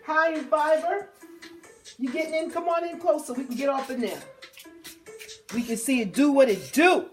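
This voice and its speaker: A woman hosting a casual cooking demonstration, chatty and playful with cheerful exclamations as she cooks. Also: sits high. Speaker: cooking show host. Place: kitchen at a hot stove. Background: sizzling pan and music.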